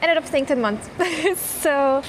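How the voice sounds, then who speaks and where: Young female vlogger from Croatia, chatty, high voice, self-mocking. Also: animated, slow, slight background noise. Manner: chatty, self-deprecating, emotional. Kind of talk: casual vlog talk to camera. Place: outdoors in a hot town.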